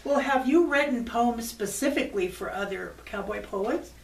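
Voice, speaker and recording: A woman's voice: a little high, lively intonation, moderate pace, vocal fry. A woman hosting a talk show, an enthusiastic and encouraging interviewer. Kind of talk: casual interview chat. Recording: echoey room, distant mic.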